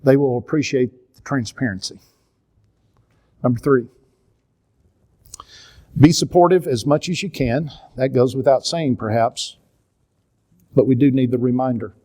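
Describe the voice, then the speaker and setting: A man's voice: mid-range voice, measured pace, pauses often, warm tone. Older Southern man telling earnest stories. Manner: earnest storytelling, confessional. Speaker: minister and counselor teaching a seminar. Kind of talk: church seminar talk with personal stories.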